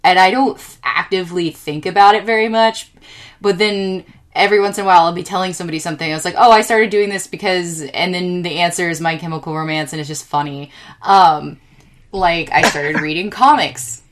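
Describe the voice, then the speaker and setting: A woman with a fairly low voice chats on a podcast, rambling from one thought to the next. She gets excitable and fills her talk with ums and restarts. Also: brisk. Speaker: podcast co-host. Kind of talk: casual chat.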